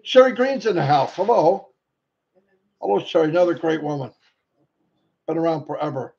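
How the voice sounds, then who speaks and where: Excited guy on a livestream, kinda high voice, dull lo-fi mic with some hiss. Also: normal speed, creaky, pauses often. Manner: excitable, greets viewers by name. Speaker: livestream host. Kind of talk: casual livestream chat. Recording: dull lo-fi sound, faint noise.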